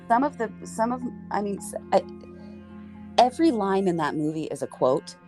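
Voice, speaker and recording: A woman co-hosting a podcast, retelling film scenes in animated, laughing storytelling. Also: mid-range voice, normal speed, faint music behind. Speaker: podcast co-host. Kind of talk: casual chat.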